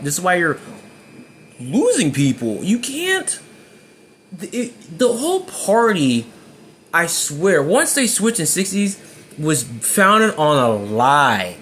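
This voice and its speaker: A man's voice: mid-range voice, fairly bright tone, slight background noise. A man talking to camera about his own story, emphatic and often restarting words. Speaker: vlogger.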